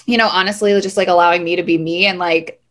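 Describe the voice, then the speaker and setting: A woman guest in a casual podcast chat, animated and quick to laugh, often quoting herself in lively asides. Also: fairly low pitch. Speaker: guest, nutritionist.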